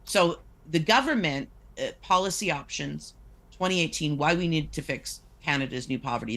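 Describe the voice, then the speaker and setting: A woman's voice: low voice, lively intonation, normal speed, fairly bright tone. A woman talking as a guest on a podcast, earnestly explaining figures and reading excerpts aloud with frequent restarts. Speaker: guest discussing poverty policy.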